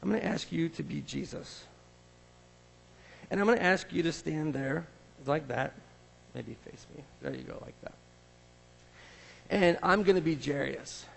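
A man's voice: on the high side, unhurried, creaky, long pauses, breathy edge, long reverb tail, rough recording. A man preaching a sermon as a pastor, acting out scripture scenes with a volunteer. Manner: animated, acts out scripture scenes.

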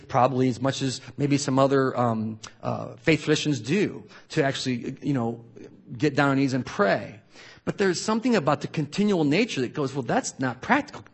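Male pastor, slightly husky, conversational sermon delivery that drops to a hush for recited prayers. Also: mid-range voice. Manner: casual, conversational preaching with many fillers and "right?"; drops to a near whisper when reciting prayers.

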